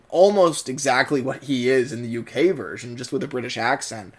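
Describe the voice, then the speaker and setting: A man's voice: mid-range voice, brisk. A man with a General American accent, giving a rambling casual commentary as a YouTube reviewer, full of fillers and restarts. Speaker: YouTuber reviewing a cartoon dub.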